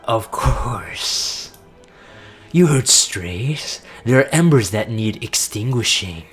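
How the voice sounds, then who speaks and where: A man voicing a cold, weary young male traitor mage in a flat, solemn way. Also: mid-range voice, slow, breathy edge, faint music behind, heavily acted. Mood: grim.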